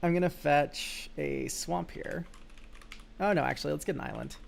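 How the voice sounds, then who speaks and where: High-voiced jokey young man streaming. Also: moderate pace, creaky, a little hiss or hum. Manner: loose and jokey, swears and makes goofy exclamations. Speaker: streamer reviewing viewers' card game decks. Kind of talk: casual live-stream chat.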